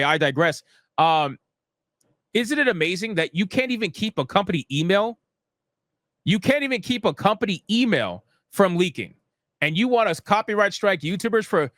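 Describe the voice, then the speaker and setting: High-voiced man ranting about gaming news. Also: fairly bright tone, dry recording, clean studio sound. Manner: profane, repetitive, mocking. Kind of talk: live ranting commentary, reading news aloud.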